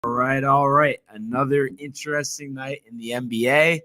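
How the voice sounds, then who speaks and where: A man hosting a casual sports podcast, talking in halting, restarting phrases as he steers the show from one segment to the next. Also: mid-range voice, fairly even intonation, sharp tone. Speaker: host.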